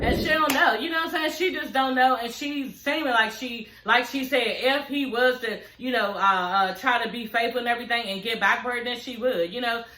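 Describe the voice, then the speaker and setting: A woman's voice: high voice, bright, forceful tone, roomy sound. A woman hosting a blunt, profane, laughing recap of a reality TV episode, talking straight to her listeners. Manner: blunt, sassy, laughing, talks to listeners as y'all. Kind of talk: casual profane recap chat.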